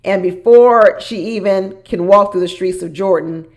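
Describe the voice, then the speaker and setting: A woman giving casual, animated recap commentary on a reality show, dramatic and laughing as she talks. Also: mid-range voice, moderate pace.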